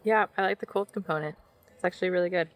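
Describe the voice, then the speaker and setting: A woman's voice: on the low side, fast talker, low-quality recording. A young woman, a travel vlogger, chatting casually and upbeat at a campsite, often laughing. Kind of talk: casual chat.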